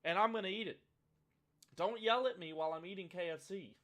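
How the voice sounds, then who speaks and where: A man doing comedic commentary with an animated, sarcastic, profane ranting manner. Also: high voice, fairly quick. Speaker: video commentator.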